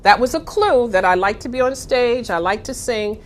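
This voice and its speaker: A middle-aged woman giving a motivational talk, telling a story with dramatic pauses. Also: on the high side, animated. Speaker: speaker.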